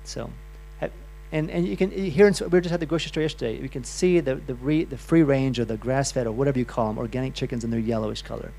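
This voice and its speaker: A man's voice: medium pitch, fast talker, creaky, hardly any pauses, dark tone, a little hiss or hum. A middle-aged man giving a loose, chatty health talk to a live audience, full of restarts and asides. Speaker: health speaker.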